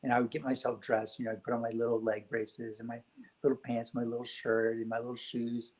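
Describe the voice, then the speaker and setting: A man speaking as a guest on a spiritual talk show, telling stories in a gentle, reflective way. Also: mid-range voice, flat delivery, a little fast, low-quality recording.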